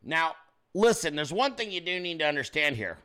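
Man, brash crude host, rambling chat to viewers, lively swinging pitch, bright forceful tone. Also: normal speed, clean tone. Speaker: show host. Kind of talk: profane casual commentary.

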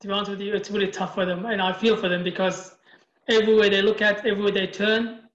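A man's voice: high voice, level tone, fast, a bit bright, echoey room, muffled recording. A man born in Iraq, a youth group leader, talking as a guest in an emphatic, passionate way and often quoting himself. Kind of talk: casual interview storytelling.

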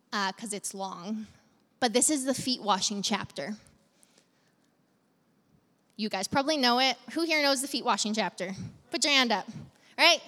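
A woman delivers a sermon in a fairly high voice and a chatty, direct way, putting questions to her listeners. Her voice rings out with a long reverb tail, as in a large hall. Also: bright, forceful tone. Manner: conversational, engaging congregation with direct questions. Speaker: pastor.

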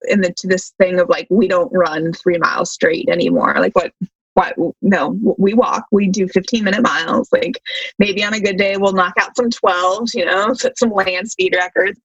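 A woman's voice: mid-range voice, slightly rough, no echo, lo-fi sound. A woman runner talking casually as an interview guest, chatty and self-deprecating, filling her speech with "like". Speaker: long-distance runner guest.

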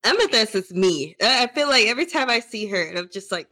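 A woman's voice: mid-range voice, quick pace. A woman teacher in casual chat, animatedly telling stories and acting out what people said. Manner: animated storyteller, acts out voices.

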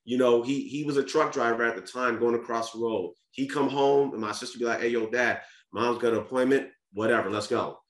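A man's voice: mid-range voice, steady tone, fairly quick, few pauses. A man speaking as a podcast guest, telling a candid personal family story in an earnest, casual way, often restarting and repeating words. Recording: roomy echo.

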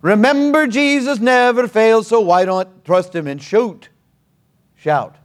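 A man putting on the voice of an elderly Scottish preacher, singing a hymn in a cheerful, drawn-out sing-song. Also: high voice, voice pushed up.

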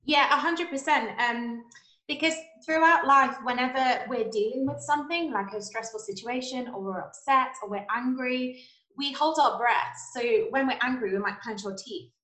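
A woman's voice: high-pitched, moderate pace, sharp tone, roomy sound, low-quality recording. A woman chiropractor answering interview questions, earnest and explanatory. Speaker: chiropractor guest.

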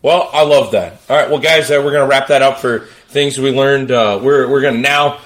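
A man hosting a sports talk podcast, hyped and theatrical, breaking into shouts. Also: medium pitch, fairly even intonation, moderate pace. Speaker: podcast host.

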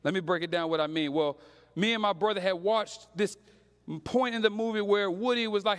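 High-voiced young preacher, storytelling. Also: male voice, brisk, fairly bright tone, in a large hall. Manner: conversational, storytelling, slangy. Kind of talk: sermon.

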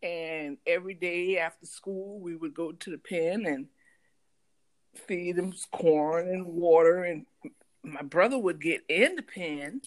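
A woman with a Southern US country accent, co-hosting a podcast and telling a story in lively, casual chat. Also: fairly low pitch, slow. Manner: animated, acts out voices in her stories. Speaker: podcast co-host.

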